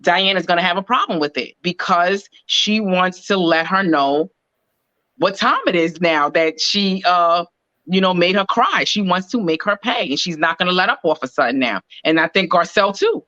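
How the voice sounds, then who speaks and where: Bright-voiced woman in casual recap chat. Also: fairly low pitch, normal speed, no room sound, muffled recording. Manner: relaxed, lots of "like" fillers. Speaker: podcast co-host.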